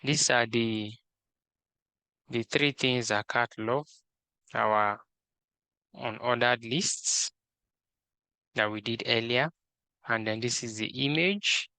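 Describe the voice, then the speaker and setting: A man's voice: medium pitch, bright, forceful tone, smooth, no room sound. A man leading a screen-recorded coding tutorial, methodically reading out each task and talking through his steps. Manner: slow, methodical, reads task instructions aloud.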